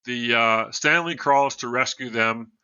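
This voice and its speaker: A man with a very bright, forward voice tells a true story as a podcast guest, moving from read narration to casual asides. The sound is dry and a little dull, as if on a modest home mic. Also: medium pitch, measured pace, smooth, no room sound.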